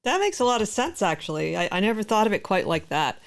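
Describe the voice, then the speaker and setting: A woman's voice: mid-range voice, big pitch swings, fast talker, gravelly. A woman hosting an interview, asking attentive, thoughtful questions. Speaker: host. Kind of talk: interview conversation.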